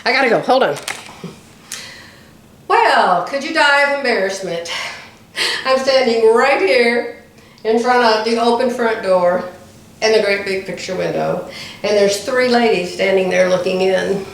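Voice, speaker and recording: A woman in her seventies telling animated anecdotes to her viewers from home, laughing often. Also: fairly high pitch, measured pace, creaky, pauses often. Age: 70s. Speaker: quilting vlogger. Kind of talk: casual chatty storytelling to viewers. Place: indoors at home by the front door. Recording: very echoey room, distant mic, faint hiss.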